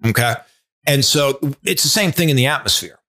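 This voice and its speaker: A man's voice: mid-range voice, animated, moderate pace, sharp tone. A man in his sixties, a retired TV weatherman, telling a casual, rambling story full of restarts and asides. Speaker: retired TV meteorologist, guest.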